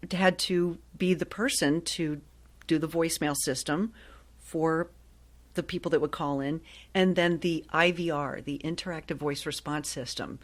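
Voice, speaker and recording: Guest voice: woman in her sixties, lowish pitch, chatty and lively storyteller. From Ohio. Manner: lively, chatty, laughs often. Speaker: guest, actress and voiceover artist. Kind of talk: casual interview storytelling.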